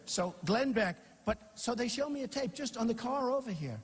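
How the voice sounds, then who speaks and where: A man's voice: very high-pitched, lively intonation, moderate pace, slight background noise. A man giving an off-the-cuff campaign rally speech, rambling, repeating himself and mocking opponents in a boastful way. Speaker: political candidate. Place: large rally venue with a crowd. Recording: long hall reverb.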